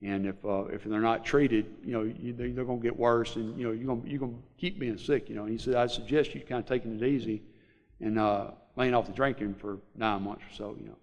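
A middle-aged man with a Southern US accent, telling a personal recovery story to a group in a halting, rambling way, full of fillers. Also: medium pitch, steady tone, a little mellow. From Mississippi Delta, USA. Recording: long hall reverb.

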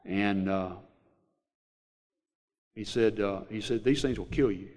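A man's voice: fairly low pitch, a little mellow. Rambling Southern man in a reverberant hall. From Mississippi Delta, USA. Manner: rambling, halting, with many fillers and restarts. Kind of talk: personal recovery story told to a group.

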